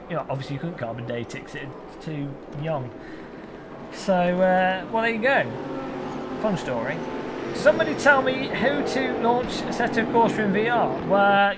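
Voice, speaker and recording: A man's voice: high-pitched, very noisy. A man chatting and joking while livestreaming a sim race, reading out viewer names. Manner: chatty, jokey, reads chat aloud. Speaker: sim racing streamer. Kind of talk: live stream commentary while racing.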